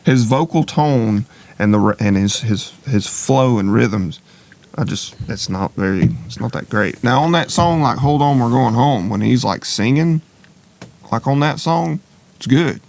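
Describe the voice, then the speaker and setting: A man's voice: mid-range voice, animated, unhurried, gravelly, a little mellow. A young man co-hosting a podcast in casual chat, hesitant and full of fillers. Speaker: podcast co-host.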